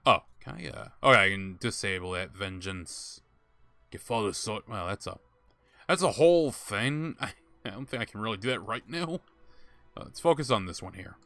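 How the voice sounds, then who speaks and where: Young male streamer, low bright voice, casual running commentary over gameplay. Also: animated, fairly quick, creaky, no echo. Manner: chatty, thinks aloud, laughs at himself. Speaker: streamer playing a game.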